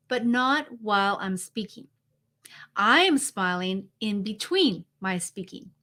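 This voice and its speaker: A woman's voice: mid-range voice, sharp tone. A woman speaking coach hosting a weekly video tip, talking straight to the viewer in an upbeat, conversational way. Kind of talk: direct-to-camera coaching tip.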